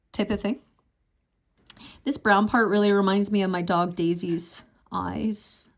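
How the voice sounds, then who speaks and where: A woman giving a casual tarot reading, thinking aloud in a meandering, emotional way and drifting down to a whisper when she reads to herself. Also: medium pitch. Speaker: tarot reader.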